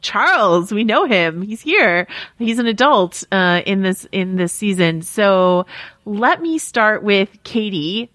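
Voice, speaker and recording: A woman's voice: mid-range voice, lively intonation, takes it slowly, fairly bright tone, no room sound. A woman hosting a podcast, chatting casually with many fillers and easy laughs. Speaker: podcast host.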